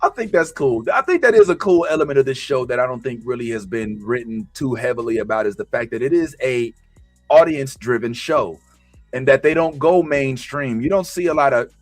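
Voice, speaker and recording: A man hosting a casual TV recap, animated and slangy, joking his way through the episode. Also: medium pitch, brisk, no room sound, soft background music. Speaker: host.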